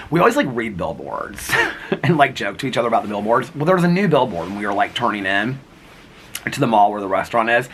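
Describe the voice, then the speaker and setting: Male vlogger, giggly storyteller, sing-song animated delivery. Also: slight background noise. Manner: chatty and giggly, acts out quoted lines in a higher voice. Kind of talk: casual storytelling vlog.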